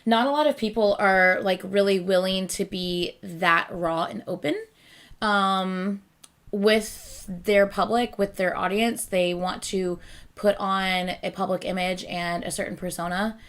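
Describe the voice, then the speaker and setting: Woman, reaction vlogger, chatty, rambling, filler-heavy, laughs at herself, mid-pitched voice. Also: steady tone, unhurried, fairly bright tone. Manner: self-deprecating, laughs often. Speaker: reaction video host. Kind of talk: casual reaction commentary.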